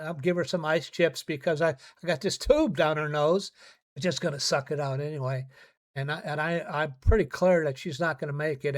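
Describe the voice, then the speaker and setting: A man hosting a podcast, telling personal stories in an earnest, halting way and often repeating words as he restarts his sentences. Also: on the high side. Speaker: podcast host. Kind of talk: personal storytelling monologue.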